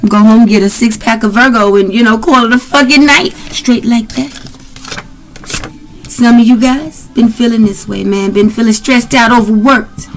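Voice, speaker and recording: A brash woman with gives a loose, profane tarot reading. Her voice sits fairly high, and her delivery is rowdy and playful. Faint music plays behind her. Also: steady tone, moderate pace, rough recording. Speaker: tarot reader.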